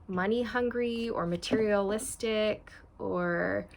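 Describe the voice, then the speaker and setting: A woman's voice: mid-range voice, slow pace, vocal fry. A woman doing a casual tarot reading. She talks straight to her viewers in a chatty, repetitive way. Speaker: tarot reader.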